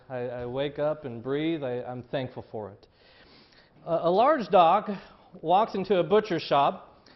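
A man's voice: fairly high pitch, muffled recording. A male pastor preaching a sermon in a conversational storytelling way, often repeating words as he goes.

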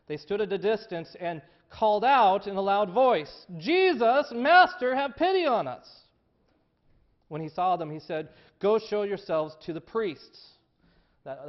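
A man's voice: high-pitched, lo-fi sound. A male pastor preaching a sermon in a conversational storytelling way, often repeating words as he goes.

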